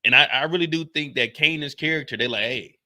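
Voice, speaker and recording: A man's voice: on the high side, fast, sharp tone. A young man hosting a live stream, talking loosely in a chatty, casual way and repeating "like" and "you see what I'm saying". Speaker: streamer reviewing a TV episode.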